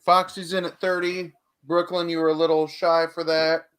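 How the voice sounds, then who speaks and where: A man's voice: a little high, flat delivery, normal speed, a bit bright, clear, resonant tone. Chatty, joking man hosting a stream. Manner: chatty, joking, swears casually. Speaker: auction stream host. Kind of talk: casual live-stream chat.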